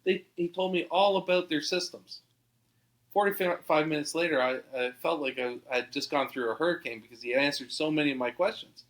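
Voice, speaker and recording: A man from Canada, a podcast guest, telling an animated, excitable anecdote. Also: a little high, brisk. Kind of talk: storytelling anecdote.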